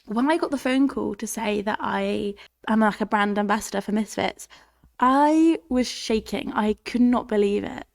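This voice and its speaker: A woman's voice: mid-range voice, moderate pace, creaky. A young woman hosting a podcast in a chatty, rambling way, laughing often, her voice congested from a cold. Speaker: podcast host. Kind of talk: casual chat.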